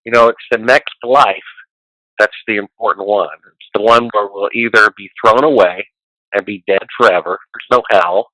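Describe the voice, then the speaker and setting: Rambling, preachy man with a bright voice. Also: lowish voice, steady tone, normal speed, no room sound, low-quality recording. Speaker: guest. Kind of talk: casual conversation.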